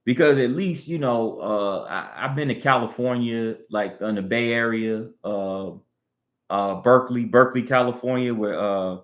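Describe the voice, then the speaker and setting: This livestream host is a Southern man whose accent reflects his roots in the southern US. With a medium-pitched voice at a moderate pace over dull audio, he wanders through his thoughts in a laid-back ramble.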